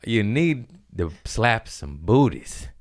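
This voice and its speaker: A man's voice: on the low side, sing-song, slow pace. A young man hosting his own podcast, rambling in crude, self-mocking casual chat. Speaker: podcast host.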